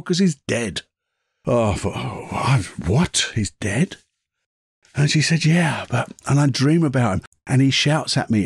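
A man's voice: fairly low pitch, a little mellow, slightly rough, dry recording, studio quality. A man hosting a podcast, telling personal stories in a chatty way and laughing at his own anecdotes. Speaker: podcast host. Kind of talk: casual storytelling monologue.

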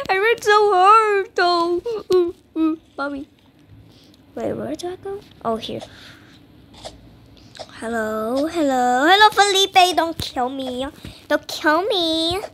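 A woman's voice: high voice, animated, slow pace, gravelly, a bit bright, a little hiss or hum. A woman with a sound giving jittery, dramatic commentary while playing a game, dropping to whispers and jumping to squeals. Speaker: gamer playing a horror escape game. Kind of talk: casual gameplay commentary.

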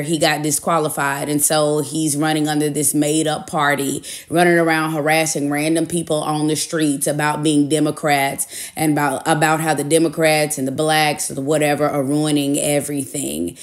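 Female commentary host, low pitch, blunt and cautionary. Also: a little mellow. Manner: blunt, warning, preachy. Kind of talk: commentary to camera.

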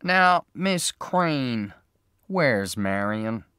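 A man voicing a hard private detective who speaks in a flat, unfriendly and deliberate way. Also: medium pitch, smooth, dry recording, clean studio sound, pitched above the performer's own voice, full character voice.

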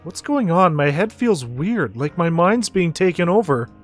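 A man's voice: on the high side, big pitch swings, unhurried, faint music behind. A man reading the lines of a frightened teenage girl priestess in a video game, nervous and questioning.

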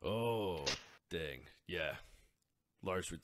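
Low-voiced man, dry and sarcastic. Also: moderate pace. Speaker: player. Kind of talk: casual tabletop play.

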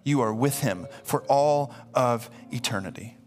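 A man's voice: medium pitch, a little slow. A man preaching a sermon as pastor, emphatic and repeating himself as he builds. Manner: emphatic, repeats words when excited. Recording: live church stream with faint music.

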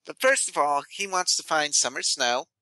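A man playing a tabletop role-playing game, rambling and hesitant, with many pauses and fillers. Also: fairly high pitch, animated, sharp tone, dry recording. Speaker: player.

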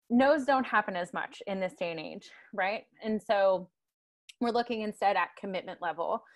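A woman giving a guest lecture over a video call, talking conversationally with many tag questions and fillers. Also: mid-range voice. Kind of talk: online lecture.

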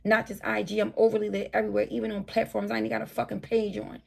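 A woman's voice: mid-range voice, flat delivery, quick pace, gravelly, a little mellow. A tired woman ranting profanely and combatively at her viewers during a late-night livestream. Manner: profane, combative, talks straight at her chat. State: tired, burnt out.

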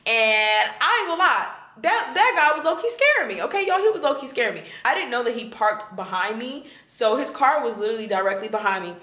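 A woman in her twenties tells a storytime straight to camera in a bright, forward voice. She is animated and talks directly to her viewers. The room around her is echoey. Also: a little high, brisk, hardly any pauses. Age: 20s. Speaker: vlogger. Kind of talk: storytime vlog.

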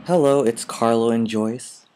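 A man hosting a casual gaming video, talking in a dry, deadpan, monotone way. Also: mid-range voice, unhurried, loud music behind the voice, poor audio. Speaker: host.

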